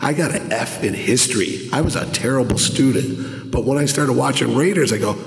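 A middle-aged man telling a lively story on a convention panel, acting out the voices of the people in it. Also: mid-range voice, brisk, gravelly. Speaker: podcast panelist. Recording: echoey hall, roomy reverb.

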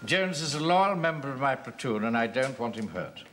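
Male actor as a pompous middle-aged captain, lively delivery, hissy old TV sound. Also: mid-range voice, normal speed, close to an everyday voice. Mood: indignant. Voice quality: pompous, blustering. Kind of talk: 1970s sitcom acting.

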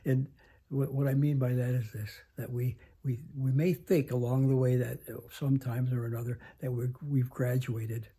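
A man in his nineties telling a story slowly, halting with many pauses and restarts. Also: medium pitch, steady tone, dark tone, breathy edge. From United States. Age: 90s. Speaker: interview guest. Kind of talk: reflective storytelling. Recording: home interview.

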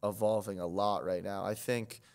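A man's voice: fairly low pitch, steady tone, normal speed, vocal fry. A teenage boy co-hosting a student podcast in casual chat, rambling with lots of fillers and restarts. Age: teens. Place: town hall studio.

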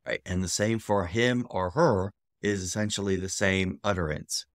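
A man teaching a casual video lesson, slowly repeating each word several times with relaxed fillers. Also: low voice, no room sound, studio quality. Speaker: language teacher.

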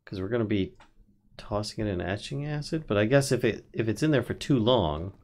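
A man's voice: fairly low pitch, lively intonation, brisk, darkish tone. A man casually chatting on a gaming stream, thinking aloud as he reads out crafting recipes and often laughing. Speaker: streamer, co-host.

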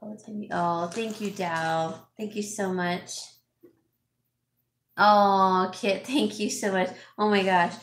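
A middle-aged woman chats slowly and effusively as she opens packages and thanks viewers by name. Her voice sits at an ordinary pitch. The home room adds a roomy echo with a faint hiss behind it. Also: steady tone. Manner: chatty, gushing, reads viewer names aloud. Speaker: vlog host, home stager. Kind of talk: casual live-chat haul vlog.

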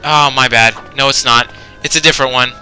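A man's voice: medium pitch, steady tone, a little fast, bright, forceful tone, soft background music, rough recording. A man giving casual video game commentary, rambling with lots of fillers and often exasperated at the game. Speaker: let's play host.

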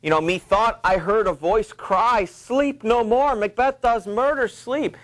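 A man's voice: high-pitched, a little slow, a bit bright, pitched above the performer's own voice. A man voicing a haunted nobleman shaken by guilt, reading in a slightly raised, earnest voice.

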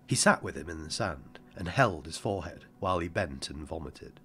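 A man with a very deep voice narrates an audiobook in a measured, somber way. His delivery moves expressively up and down. Soft music sits faintly beneath him. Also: expressive.

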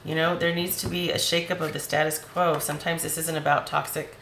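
A woman giving a tarot reading in a chatty, reassuring way, speaking straight to the viewer, her voice going hoarse. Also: low voice, level tone, brisk, a bit bright, roomy sound, a little hiss or hum, low-quality recording. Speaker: tarot reader.

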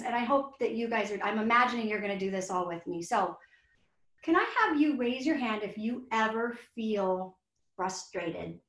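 A woman guides a gentle yoga breathing practice for a webinar, her voice sitting a little high for a woman. She sounds soothing and encouraging as she talks to children and teachers. The recording is roomy and echoey. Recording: roomy echo.

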